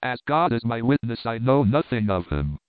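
A man's voice: medium pitch, sing-song, moderate pace, clear, resonant tone, dry recording, close to an everyday voice. Cornered Italian knight, defensive and pleading, read by a man; dry, tinny recording.

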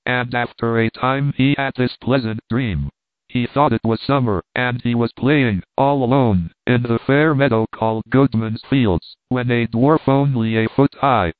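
Male audiobook narrator, steady storytelling read; lo-fi telephone-band, no room sound. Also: medium pitch, dry recording. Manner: measured storytelling reading. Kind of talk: scripted narration. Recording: tinny phone-like dry recording.

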